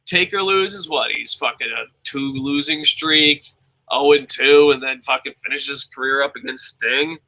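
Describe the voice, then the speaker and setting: A man's voice: medium pitch, a little slow, pushed and bright, rough recording. A man hosting a live-streamed show, chatting casually in a rambling, profane, self-mocking way. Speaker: show host.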